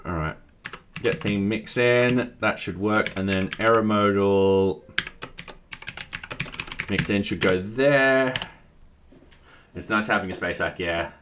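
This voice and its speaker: Aussie guy with a low voice streaming code, muttering through steps, keys clacking behind. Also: takes it slowly, pauses often, noisy background. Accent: Australian. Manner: thinks aloud, chatty and self-deprecating, reads chat. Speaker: live-coding streamer. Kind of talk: casual live-coding chat.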